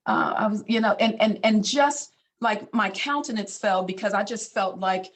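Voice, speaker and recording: Middle-aged woman, mid-pitched, casual storyteller with lots of fillers, physician giving a community talk. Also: normal speed, hardly any pauses. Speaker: physician speaker. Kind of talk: personal testimony talk.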